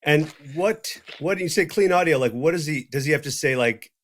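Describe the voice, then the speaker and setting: A man's voice: fairly high pitch, a little fast, a bit bright. A man co-hosting a podcast, asking probing questions in casual conversation. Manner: inquisitive, asks probing questions. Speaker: podcast co-host.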